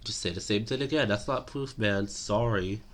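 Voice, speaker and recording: A man's voice: fairly low pitch, fairly quick, fairly bright tone. A man giving casual political commentary to camera, rambling and opinionated with many fillers.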